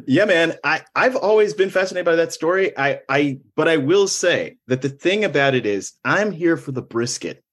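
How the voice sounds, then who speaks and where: A man's voice: on the high side, animated, normal speed, hardly any pauses, fairly bright tone. A man, a comedian guest, riffing in a casual podcast chat and laughing often.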